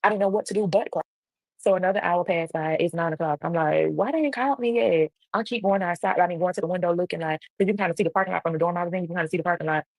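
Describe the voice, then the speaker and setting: A young adult woman telling a casual storytime on a livestream, animated and acting out the voices of people in her story. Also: fairly low pitch, very fast, no room sound, poor audio. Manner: animated, acts out quoted voices. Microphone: livestream computer mic.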